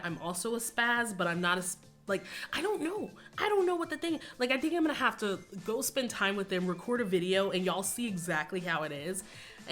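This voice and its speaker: A woman's voice: on the high side, a bit bright. A woman, chatting casually to her viewers in a rambling vlog, laughing often and calling everyone "y'all.". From Texas, US. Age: 20s. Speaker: YouTuber.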